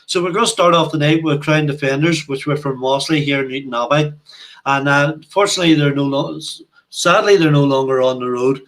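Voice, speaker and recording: Northern irish guy, homely chatty guest, voice a bit high. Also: fairly quick. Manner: relaxed, homely talk. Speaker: guest presenter. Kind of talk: casual chat.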